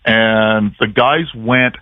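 A man's voice: on the low side, steady tone, drawn-out words, no echo, faint music behind. Chatty man on a tinny phone line. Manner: chatty storyteller, self-deprecating. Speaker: play-by-play broadcaster, phone-in guest. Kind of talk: casual radio phone interview.

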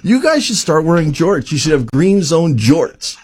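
A man in casual sports chat, animated and quick to laugh. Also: fairly high pitch, slightly rough, dry recording. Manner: animated, laughs easily, acts out players' voices.

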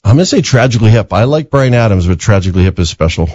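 A man's voice: on the low side, expressive, racing, darkish tone, no echo, dull audio. A man who co-hosts a radio show, answering interview questions with jokes and playful asides. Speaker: radio co-host, guest. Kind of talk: casual interview chat.

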